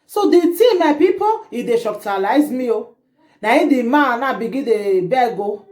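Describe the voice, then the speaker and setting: A woman vlogger with a Nigerian Pidgin accent, telling a gossip story to her viewers in an animated, indignant way. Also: on the high side, moderate pace. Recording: roomy echo.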